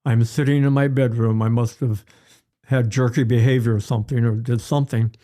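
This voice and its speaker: An older man, a pediatrician guest, telling stories in an unhurried way and repeating his key phrases during an interview. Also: medium pitch, fairly even intonation, warm tone. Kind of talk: conversational interview.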